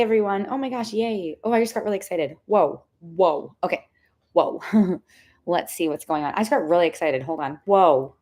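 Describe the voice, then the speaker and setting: A young woman reading tarot on a livestream, chatting casually with viewers. She is excitable and says "like" a lot. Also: lowish voice. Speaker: tarot reader hosting a livestream.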